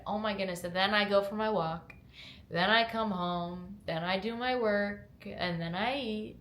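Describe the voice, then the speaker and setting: A young woman vlogger from upstate New York, raised in Georgia, with a slight Southern twang, answering viewer questions in a candid, chatty way with fillers. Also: medium pitch. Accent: slight Southern twang mixed with upstate New York. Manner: candid, chatty, hedging with fillers, upbeat when motivating. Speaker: fitness lifestyle vlogger. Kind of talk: casual Q&A chat to camera. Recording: echoey room.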